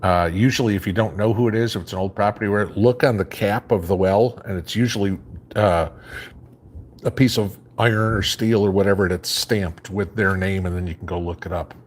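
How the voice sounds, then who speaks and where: A man with a very low voice and a faint Chicago accent hosts a live stream from home. He reads viewer comments aloud and answers them in a relaxed, rambling way. A faint hum sits under his voice. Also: a little fast. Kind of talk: casual live chat.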